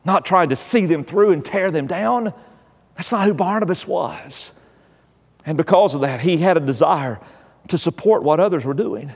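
A man's voice: a little high, expressive, normal speed, darkish tone, slightly rough, in a large hall. A male pastor preaching a sermon, emphatic and exhorting, repeating key phrases.

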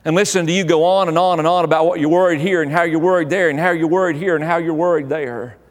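A man's voice: a little high, steady tone, fast talker, big-room sound. A man preaching a sermon as pastor, emphatic, with repeated phrases. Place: church.

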